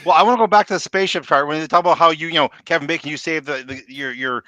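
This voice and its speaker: A man hosting a casual fan podcast discussion, talking in animated bursts and often restarting his sentences. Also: on the high side, rapid-fire, crowd noise. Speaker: podcast host.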